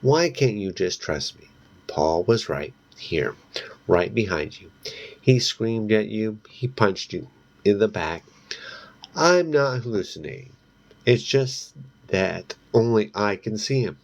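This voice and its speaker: A frightened teenage girl who keeps insisting she is not crazy, as a man puts her on while reading a storybook. She pleads hard and presses her point. The voice stays low and unhurried. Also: expressive, gravelly, muffled recording, exaggerated voice. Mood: exasperated.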